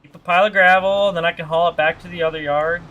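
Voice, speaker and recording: A man's voice: sits high, fairly even intonation, fast talker, pushed and bright, a little hiss or hum. A man chatting casually with his live-stream audience while playing a farming game, joking and reading the chat aloud.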